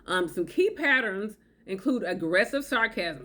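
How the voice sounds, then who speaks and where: Brief: woman vlogger, emphatic, repeats herself, talks straight to the viewer, mid pitch. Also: lively intonation, a little fast, fairly bright tone. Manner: emphatic, repetitive, checks in with "okay?". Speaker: relationship advice vlogger. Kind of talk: direct-to-camera advice talk.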